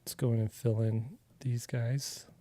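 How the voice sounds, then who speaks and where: Mellow, easygoing man teaching digital coloring. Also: medium pitch, a little slow, slight background noise. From Arizona, USA. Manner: relaxed and chatty, with filler words and restarts, talking while he works. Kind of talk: casual live drawing tutorial.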